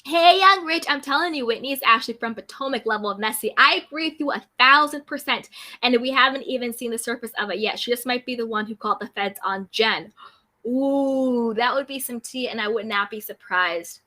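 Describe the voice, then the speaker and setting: A woman's voice: on the high side, a little fast, sharp tone. A woman hosting a casual live chat, reading viewer comments aloud and answering them. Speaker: YouTube recap host reading live chat.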